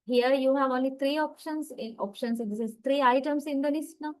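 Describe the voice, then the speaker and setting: A woman's voice: high-pitched, normal speed, low-quality recording. A woman teaching a university class on English intonation, explaining step by step, checking in with "right?" and acting out example sentences. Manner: demonstrates sentences with exaggerated intonation. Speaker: lecturer.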